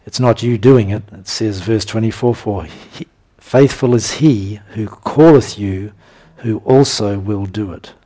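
A man preaching a sermon, teaching through scripture verses in an emphatic style, breaking into animated bursts and chuckles. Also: fairly low pitch, unhurried, few pauses, slightly rough.

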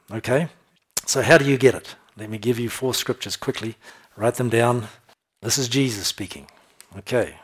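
A man's voice: mid-range voice, slightly rough. Male preacher, sermon delivery, emphatic on scripture, chatty asides, mid-range voice. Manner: emphatic scripture reading with slowed stressed phrases; conversational asides with soft laughs.

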